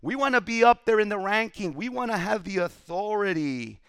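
Male preacher putting on pushy disciples, casual and eager, gravelly edge. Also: high voice, expressive, moderate pace, fairly bright tone, no room sound, studio quality, voice pushed up. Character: eager bickering male disciples, young adults.

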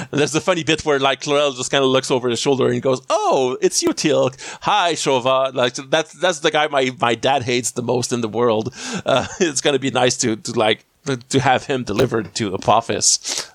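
A man's voice: medium pitch, creaky, fairly bright tone, no room sound, studio quality. A man casually recapping a TV episode as a podcast host, rambling with lots of fillers and restarts. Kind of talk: casual chat.

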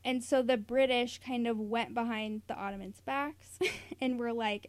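A woman's voice: a little high, fairly even intonation, measured pace, dry recording. A woman from the United States, chatting casually as a podcast co-host, with lots of fillers, asides and little laughs. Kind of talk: casual chat.

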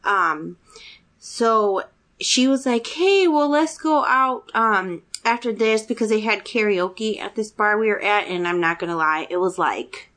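A woman in her thirties telling a personal story in casual chat, animated and acting out quotes with a rising voice. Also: unhurried. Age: 30s. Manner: chatty, animated, acts out quotes with rising pitch.

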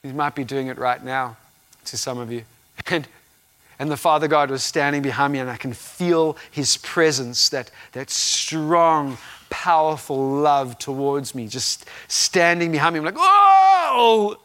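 A man preaching a sermon, telling a personal story with animated, laughing acted-out reactions. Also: medium pitch, unhurried. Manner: animated storytelling, acts out his own reactions with laughing outbursts.

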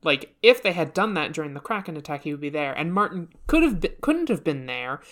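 A woman's voice: low voice, very animated, fairly quick. A woman co-hosting a casual chat about a video game, hesitant and full of fillers and restarts.

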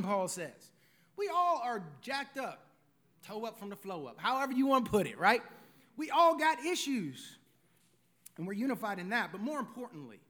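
A man's voice: high voice, fairly bright tone. A middle-aged man, preaching a sermon in a conversational way, full of rhetorical questions. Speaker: pastor.

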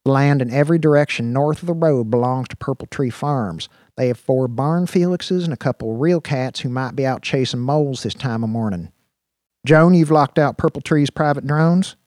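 A man's voice: mid-range voice, moderate pace, a little mellow, no echo, studio quality, close to an everyday voice. A man voicing a folksy, commanding dog handler. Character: William, a rugged man leading cyborg dogs.

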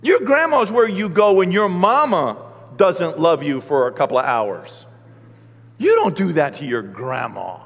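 A man preaching a sermon, telling stories with lively energy and shouting out the lines he acts out. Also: a little high, measured pace. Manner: animated storytelling, shouting acted-out quotes. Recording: long hall reverb.

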